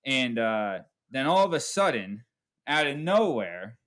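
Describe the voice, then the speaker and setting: A man's voice: medium pitch, sing-song, a little slow, a bit bright. A man hosting a podcast, telling a story casually and profanely, tagging lines with "right?". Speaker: podcast host.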